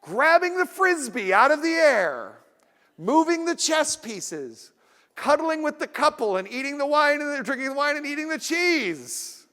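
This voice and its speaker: A man's voice: very high-pitched, sing-song, unhurried, bright, forceful tone. A man giving a humorous keynote talk to a conference audience, telling stories and acting out the people in them. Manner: storytelling, acts out voices for effect. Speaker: keynote speaker. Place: large conference hall. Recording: long hall reverb.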